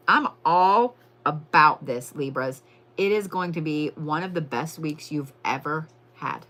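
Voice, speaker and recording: A bold, swearing woman with a drawl, hosting a live tarot reading. Her voice is bright and edgy, and her pitch swings widely as she repeats her points for effect. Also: animated, a little slow. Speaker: tarot and zodiac reader, livestream host. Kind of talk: live-stream tarot reading, casual and profane.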